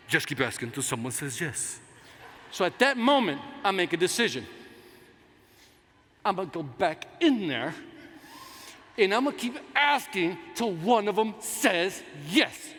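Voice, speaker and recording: A man giving a motivational sales keynote on stage in a large conference hall, telling stories in an animated, self-mocking way. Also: high-pitched, moderate pace, pauses often. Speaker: keynote speaker. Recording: reverberant hall with faint ambience.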